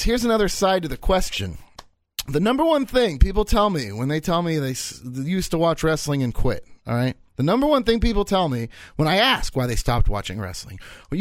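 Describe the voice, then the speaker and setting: A man in his thirties hosting a solo podcast, talking in an animated, rambling way and repeating his points for effect. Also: fairly high pitch, no room sound. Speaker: podcast host.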